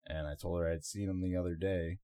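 A man's voice: sits low, fairly even intonation, a little fast, dark tone, no room sound, studio quality. A man co-hosting a podcast, telling a long story in a rambling, laid-back way with lots of fillers. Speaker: podcast co-host. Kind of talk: casual storytelling chat.

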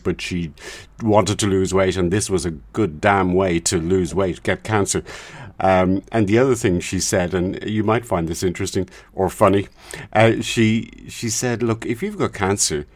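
Deep voiced host guy, rambly stories, super dry close sound. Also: dry recording. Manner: rambling, anecdotal storytelling. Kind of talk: conversational interview.

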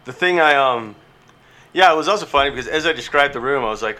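A man's voice: mid-range voice, fast talker, sharp tone. A man chatting casually as a comedian, explaining his stand-up bit with fillers and asides. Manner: rambling, with fillers and self-mocking asides. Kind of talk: casual podcast chat.

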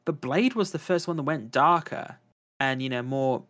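A man's voice: a little high, lively intonation, moderate pace, fairly bright tone. A man co-hosting a podcast in casual chat, enthusiastic and rambling, often correcting himself mid-sentence. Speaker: podcast co-host. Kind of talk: casual chat about video games.

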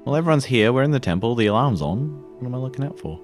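A man chats in an offhand, joking way as a player in a tabletop game. Quiet music runs faintly underneath. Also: mid-range voice, expressive, fast talker. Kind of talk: casual chat.

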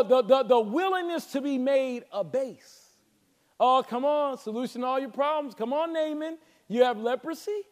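A man preaching a sermon as pastor, with a Southern American accent and call-and-response delivery that builds to shouts. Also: very high-pitched. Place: large church sanctuary. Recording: long hall reverb.

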